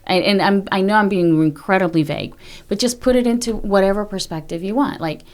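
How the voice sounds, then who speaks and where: A woman's voice: mid-range voice, brisk. A middle-aged woman speaking candidly as a podcast guest, blunt and emphatic, swearing freely as she talks. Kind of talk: candid conversational interview.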